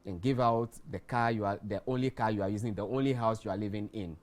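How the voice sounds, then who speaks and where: A man with a Ghanaian English accent, a guest explaining warning signs in a measured way, repeating key words for emphasis. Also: on the low side, steady tone, darkish tone. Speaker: guest expert on mental health. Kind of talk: explanatory studio talk.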